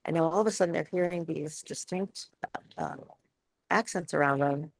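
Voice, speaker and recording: A woman speech coach hosting a live webinar Q&A, talking in halting phrases with many fillers and restarts over a video call. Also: low voice, vocal fry, dry recording.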